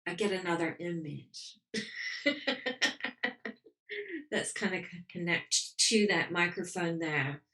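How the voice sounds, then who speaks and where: Low-voiced woman medium, roomy distant sound. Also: slow pace, pauses often. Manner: warm, laughing, emotional, quotes spirits in lively voices. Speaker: medium teaching a class. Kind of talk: live reading and Q&A on a video call.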